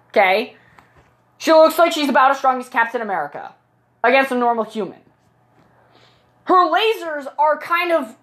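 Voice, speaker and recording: A woman's voice: high-pitched, fairly bright tone. A woman giving a casual, blunt and opinionated movie review, exasperated and swearing freely.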